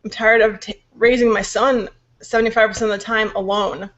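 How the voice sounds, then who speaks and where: A young woman with a slightly high voice and a sore throat, venting in casual chat. She sounds worn out and frustrated and slips into swearing when riled. The recording is dull and lo-fi. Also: fairly even intonation, a bit bright. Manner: frustrated, swears when angry, quick asides. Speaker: podcast co-host venting.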